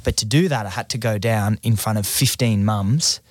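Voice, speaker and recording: A man's voice: on the low side, moderate pace. An Australian man in his thirties telling a funny family story on a casual podcast, laughing at himself. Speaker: podcast co-host.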